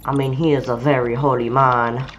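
A woman playing an online shooter game, chatting casually with slow, mumbly, sarcastic banter. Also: very deep voice, level tone, a little hiss or hum. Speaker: gamer streamer. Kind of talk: casual gaming commentary. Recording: keyboard typing and mouse clicks behind.

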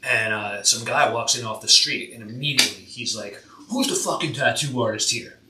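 A man's voice: medium pitch, normal speed, heavy background noise. A man who works as a tattoo artist, guest on a casual podcast, relaxing into a story from his shop. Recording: roomy sound, far from mic.

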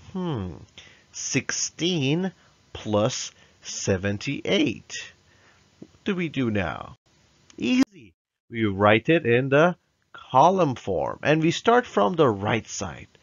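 Slow, patient male math teacher. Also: a little high, wildly swooping pitch, no room sound. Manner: slow, patient, coaxing with frequent "right?" checks; drills pronunciation, having children repeat words. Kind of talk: recorded classroom lesson for young children. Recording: dull, dry lo-fi recording.

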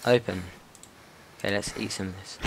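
A man's voice: fairly low pitch, steady tone, moderate pace, creaky, very noisy. A young man hosting a gaming channel, giving casual, nervous, rambling commentary and talking to the zombies in his game.

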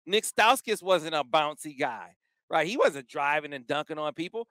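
A male podcast co-host with a slightly high, clear and crisp voice, telling his stories with lively emphasis. His talk is casual and excited, and the sound is bright and close to the mic. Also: normal speed, no room sound. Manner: animated, emphatic storytelling. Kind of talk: casual sports podcast chat.

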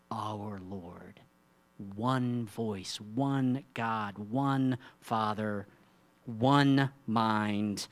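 A man preaching a sermon as pastor, with a conversational style. He swings between hushed, low asides and loud, emphatic peaks, and uses rhetorical questions and teasing asides.

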